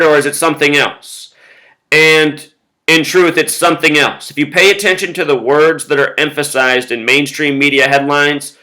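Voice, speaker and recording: A man's voice: fairly high pitch, pushed and bright, rough recording. A man talking straight to his viewers in a casual monologue, emphatic, with lists of repeated words and frequent "you know". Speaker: video blogger.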